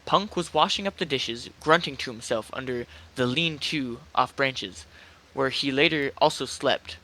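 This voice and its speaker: A man's voice: mid-range voice, a little slow, bright, forceful tone, low-quality recording. A young man casually reading a horror story aloud as an amateur reader, hesitant and stumbling now and then. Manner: hesitant, stumbles and restarts, lots of "like".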